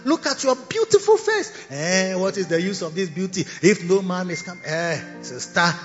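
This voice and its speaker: A man's voice: high-pitched, very animated, moderate pace, fairly bright tone. A man preaching as bishop and pastor, teasing and scolding his congregation and laughing mid-sentence. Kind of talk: preaching a sermon. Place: cathedral sanctuary. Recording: echoey hall, dull lo-fi sound, faint music.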